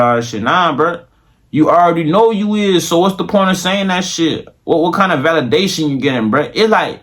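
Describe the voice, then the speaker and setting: A man's voice: a little high, lively intonation. A young man vlogging straight to camera in casual, slangy, profane talk that rambles and repeats itself. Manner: slows into mock-grand preaching toward the end.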